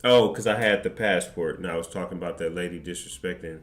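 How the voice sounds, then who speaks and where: Low-voiced man telling stories, profane. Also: fast, few pauses, a bit bright. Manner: rambling, profane and joking. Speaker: streamer. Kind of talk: casual storytelling chat.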